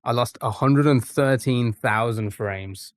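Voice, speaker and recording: A man's voice: medium pitch, measured pace, no room sound. A young man with an English accent chats with his stream viewers, wandering off on tangents and answering them as he goes. His voice sits in a middle range. It is recorded close and dry, with no room sound behind it. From England. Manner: chatty, rambling, reacting to chat. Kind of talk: casual live-stream chat.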